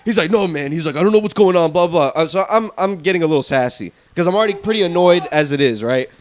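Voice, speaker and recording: A man's voice: on the high side, fast talker, a little hiss or hum. A man on a podcast telling a story in casual chat, swearing freely and acting out what others said. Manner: animated, profane, acts out quotes. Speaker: podcast host.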